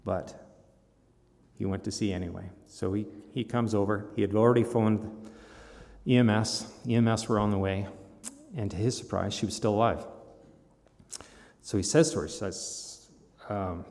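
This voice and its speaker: A man's voice: fairly low pitch, fairly even intonation, moderate pace, long pauses, a little mellow, in a large hall. A man preaching a sermon in a church, praying and retelling a story in an informal, conversational way. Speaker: pastor.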